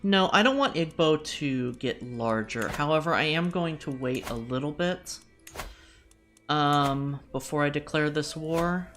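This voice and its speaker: A woman streamer giving live commentary as she plays, chatty and thinking out loud, with jokey self-deprecating asides. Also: low voice, a little slow, slight background noise. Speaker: VTuber streamer.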